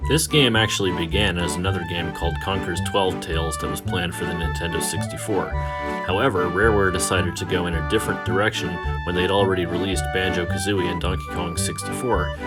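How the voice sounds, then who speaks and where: A man narrating a casual video game review in a relaxed, wry way. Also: sits low, normal speed, loud music behind the voice.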